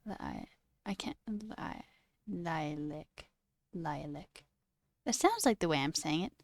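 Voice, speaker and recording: A woman's voice: mid-range voice, wildly swooping pitch, moderate pace, gravelly, dry recording, studio quality. A woman streamer in casual, playful live chat, musing aloud and answering her viewers. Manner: playful and chatty, musing aloud over word sounds. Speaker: livestreamer.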